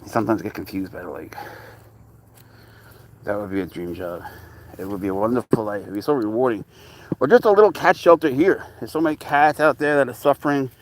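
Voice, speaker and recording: Out by a lake with his pet cat, a man chats casually for a vlog, rambling about life and slipping into cooing baby talk for the animal. His voice is medium-pitched and fairly quick, with frequent pauses.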